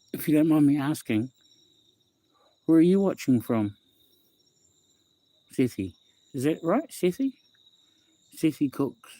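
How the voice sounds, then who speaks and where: Young kiwi bloke rambling on his livestream, warm mellow voice, dry close sound. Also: on the high side, no room sound. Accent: New Zealand. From West Auckland, New Zealand. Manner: rambling, chatty, greets viewers by name. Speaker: livestream host. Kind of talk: casual livestream chat.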